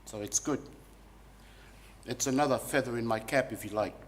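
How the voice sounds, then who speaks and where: A man's voice: medium pitch, normal speed, slight background noise. A man, a funeral celebrant, telling a folksy, rambling eulogy at a funeral service.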